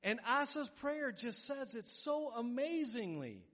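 A man preaching a sermon as pastor, animated and playful, acting out the voices of worried people. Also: very high voice, measured pace. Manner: animated, acts out quoted voices, jokes. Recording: long hall reverb.

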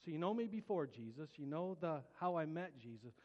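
A man's voice: fairly high pitch, very animated, a little fast, lo-fi sound. A man preaching his personal testimony in earnest, colloquial storytelling, often restarting his words. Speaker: pastor. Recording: long hall reverb.

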